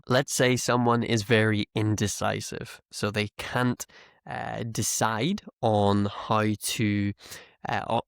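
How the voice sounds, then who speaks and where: A man teaching an English lesson, explaining slowly and patiently, trying out example phrases and correcting himself as he goes. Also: lowish voice, gravelly, dry recording, clean studio sound. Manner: slow, explanatory, self-correcting, demonstrates tones.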